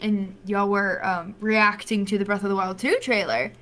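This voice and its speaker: A woman who makes videos, a podcast guest telling animated stories in casual chat and laughing often. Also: medium pitch, moderate pace.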